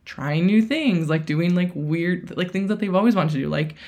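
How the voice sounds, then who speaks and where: A woman in her thirties hosts a podcast alone, speaking at a normal speed in a fairly low, darkish voice with lively intonation. Her casual monologue is chatty, packed with fillers and acted-out quotes of herself.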